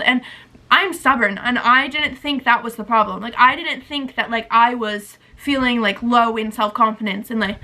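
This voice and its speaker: A woman's voice: on the high side, normal speed, sharp tone, poor audio. A young woman in her twenties vlogging, chatting in a rambling, emotional, confessional way with lots of "like". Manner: rambling, heavy use of "like", emotional. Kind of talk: casual confessional chat.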